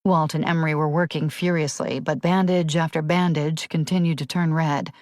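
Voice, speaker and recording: A woman narrating a thriller audiobook in a measured, even reading. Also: low-pitched, dry recording, clean studio sound.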